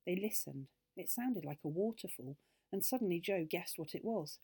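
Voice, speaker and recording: A woman reads a children's book aloud, gentle and expressive as she carries the story along. Her voice sits a little low for a woman. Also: normal speed, husky.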